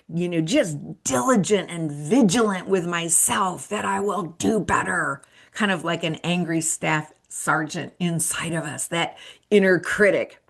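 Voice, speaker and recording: A woman's voice: lowish voice, fairly bright tone. A woman in her fifties hosting a solo motivational talk, earnest and encouraging, asking the listener rhetorical questions. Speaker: midlife coach and show host.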